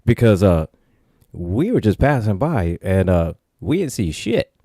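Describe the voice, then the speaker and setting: Captain as casual dude, rattling off questions; man's own deep voice. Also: sing-song, warm tone, no echo, studio quality, heavily acted. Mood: demanding. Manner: casual slang, rapid-fire questions. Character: male starship captain as a slangy dude.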